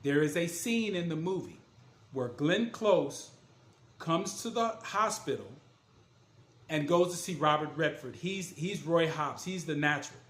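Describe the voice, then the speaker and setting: An author and motivational speaker tells his own story in a rather high, somewhat bright voice, taking his time. He's casual yet earnest and emphatic, replaying scenes with voiced quotes, and the room sounds echoey.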